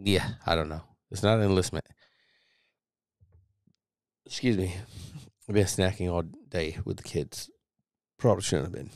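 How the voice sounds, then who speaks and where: A man's voice: low voice, normal speed, pauses often, darkish tone, dry recording, studio quality. A man hosting a podcast who reads an article aloud and rambles through casual, profane commentary with many restarts. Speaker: podcast host.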